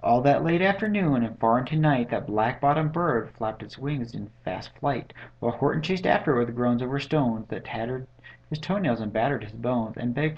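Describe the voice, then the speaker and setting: Gravelly man reading a bedtime story. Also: mid-range voice, normal speed. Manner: lively, rhythmic read-aloud. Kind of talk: reading a picture book aloud. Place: home. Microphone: webcam mic. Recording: dull lo-fi webcam audio.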